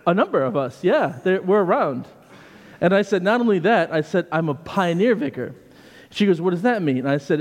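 American vicar preaching in a reverberant church. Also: male voice, high-pitched, darkish tone. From United States. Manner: conversational storytelling with asides. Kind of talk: sermon.

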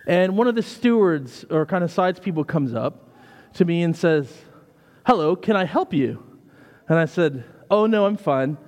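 A man's voice: fairly high pitch, lively intonation, normal speed, a little mellow. A man with an American accent, a vicar giving a conversational sermon with anecdotes. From United States. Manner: conversational storytelling with asides. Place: church. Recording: long reverb of a church.

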